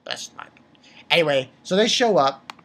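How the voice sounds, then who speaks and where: Woman w a husky low voice, ranting about manga, swears a lot, gets heated. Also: expressive, a little fast, a bit bright. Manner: exasperated, profane, heated outbursts. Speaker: manga reviewer. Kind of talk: casual ranting review.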